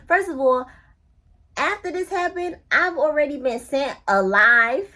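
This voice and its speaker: A woman book reviewer ranting casually on camera, sassy and exasperated, talking straight back at someone. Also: on the high side.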